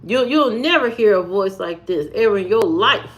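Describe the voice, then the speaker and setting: A woman's voice: mid-range voice, lively intonation, moderate pace, a bit bright. Sassy, rambling woman livestreamer. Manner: playful, sassy, rambling banter with viewers. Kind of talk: casual livestream chat.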